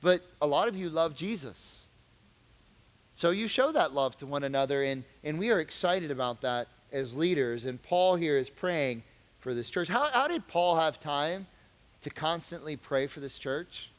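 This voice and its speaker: A man teaching a youth group Bible lesson as a youth pastor, conversational and animated, rising to emphatic questions. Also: a little high, normal speed, big-room sound.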